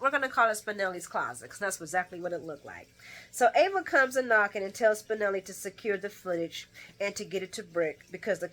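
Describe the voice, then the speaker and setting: A woman hosting a casual daily soap opera recap, telling the story in an animated way and acting out characters' lines. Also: mid-range voice.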